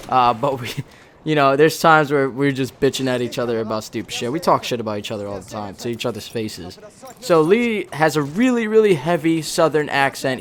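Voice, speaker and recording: A man's voice: medium pitch, fairly bright tone, slight background noise. A young American man, once a Marine, reading his old journal entries aloud over gameplay commentary. He swears freely and laughs at himself. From United States. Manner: profane, sardonic, laughs at himself.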